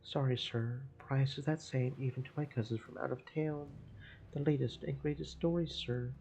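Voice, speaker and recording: A man voicing a young newsboy with a quick salesman's patter. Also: medium pitch, steady tone, mellow, a little hiss or hum, lightly acted. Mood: eager. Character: eager newsboy selling lurid papers.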